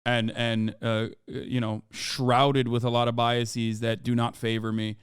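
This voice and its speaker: A man's voice: medium pitch, level tone, a little slow, clean tone, no room sound, clean studio sound. A man streaming a reaction to a video, talking casually and rambling with many fillers, restarts and swearing.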